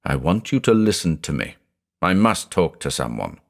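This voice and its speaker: A man's voice: low voice, big pitch swings, normal speed, vocal fry, full character voice. A man voicing a tormented old judge. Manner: brooding, anguished, growling. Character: tormented older male judge, haunted by murder.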